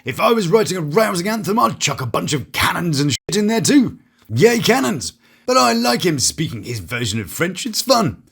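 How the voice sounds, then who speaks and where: This reality TV reviewer from Britain has a high-pitched, sing-song voice that is gravelly, a bit bright and husky, and he talks fairly quickly with faint music behind him. In British English he delivers scripted, sarcastic and jokey commentary with mock-theatrical asides.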